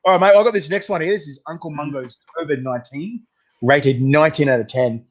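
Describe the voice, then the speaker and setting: A man hosting a casual interview, chatty and quick to laugh. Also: on the high side. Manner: chatty, laughs often, acts out quoted voices. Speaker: podcast host. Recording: slightly dull, lo-fi sound.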